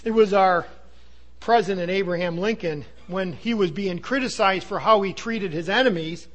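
A man preaching a sermon, earnest and emphatic, sometimes dropping to a low hush. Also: normal speed. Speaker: pastor.

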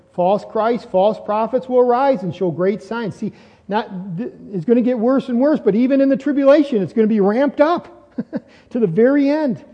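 A high-pitched man preaching in a loose, conversational way, asking his listeners questions as he goes. His voice rings out with a long reverb in a church hall. The recording sounds dull and lo-fi. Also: normal speed. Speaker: pastor. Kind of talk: sermon.

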